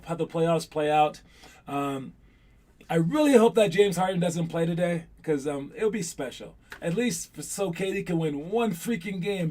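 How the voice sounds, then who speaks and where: A man's voice: on the high side, mellow. A young man coaching youth basketball players, talking loosely and chattily and repeating his key phrases. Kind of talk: casual talk to players.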